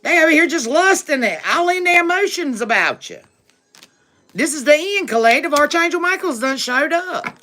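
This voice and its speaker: A woman with a high, very animated voice and a sharp tone reads tarot on a livestream at a moderate pace. She's chatty with her viewers, calling them "baby" and "boo", tagging lines with "okay?" and laughing often between remarks.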